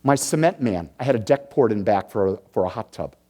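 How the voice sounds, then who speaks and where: In a lowish, dark-toned voice, a minister in his fifties from the Detroit area, USA, gives an expressive, brisk sermon. He builds his points through repetition and tells stories sprinkled with playful asides.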